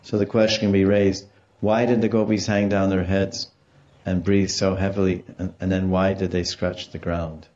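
A man with a lowish, mellow voice gives a devotional lecture in a storytelling manner. He stops to explain Sanskrit terms along the way. The recording is somewhat dull and lo-fi. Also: little pitch movement, normal speed. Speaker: religious teacher.

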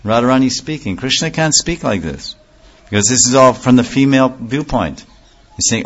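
A man's voice: medium pitch, expressive, moderate pace, fairly bright tone, lo-fi sound. A man giving a devotional lecture in a conversational way, asking rhetorical questions and answering them himself. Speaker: religious speaker.

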